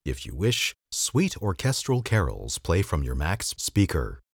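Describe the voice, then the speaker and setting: A very deep-voiced man with a husky, slightly breathy tone reads an old magazine article aloud as a podcast host. His pitch moves a lot, lending a dry, wry lilt to the text. The sound is close and dry, with no room around it. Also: big pitch swings, measured pace, no echo.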